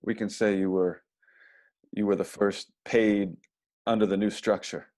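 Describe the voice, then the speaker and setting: Male guest coach, lowish voice, measured and hesitant. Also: level tone, a little mellow. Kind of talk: casual conversation.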